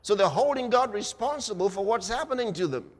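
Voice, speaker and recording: A man preaching a dramatic sermon, swinging between shouts and hushed, low passages. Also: expressive, fairly quick. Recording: long reverb of a large hall.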